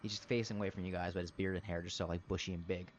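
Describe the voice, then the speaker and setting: A man's voice: low voice, flat delivery, racing, a little hiss or hum. A young man narrating a tabletop game as game master, rambling with lots of fillers. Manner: rambling, filler-heavy, laughs easily. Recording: dull lo-fi recording.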